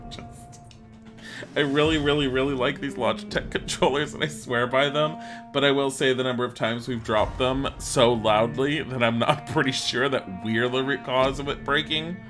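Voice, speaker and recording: Bright-voiced man streaming a game. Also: medium pitch, moderate pace, soft background music. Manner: rambling, laughing, swearing, excitable. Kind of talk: casual live-stream chat over gameplay.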